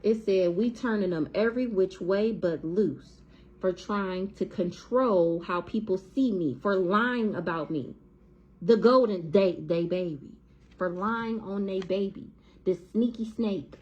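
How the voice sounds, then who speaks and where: A woman's voice: medium pitch, unhurried, darkish tone, dull audio. A woman with giving a blunt, profane, heated tarot reading to camera in a casual monologue. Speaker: tarot reader.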